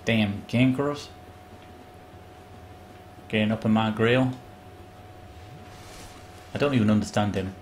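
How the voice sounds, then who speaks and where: An English man chatting and joking while he streams a game, with sudden loud outbursts. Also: lowish voice, slow, long pauses, a little hiss or hum. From England. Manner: chatty, self-mocking, bursts into loud outbursts. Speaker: gaming streamer. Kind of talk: live gameplay commentary.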